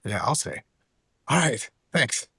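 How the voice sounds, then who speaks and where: A man teaching a lesson about AI tools with a live demo, measured and earnest. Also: medium pitch, lively intonation, bright, forceful tone, breathy edge, no room sound. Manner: measured, earnest, some fillers.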